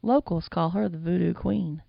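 A big, lumbering young man with a sly, knowing manner, as a woman reader puts him on. He talks with a gravelly drawl, and the recording is a little muffled. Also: lowish voice, steady tone, normal speed, dry recording.

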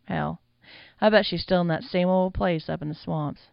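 A big, lumbering young man with a sly, knowing manner, as a woman reader puts him on. He talks with a gravelly drawl, and the recording is a little muffled. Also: on the low side, moderate pace, no room sound. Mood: reminiscing.

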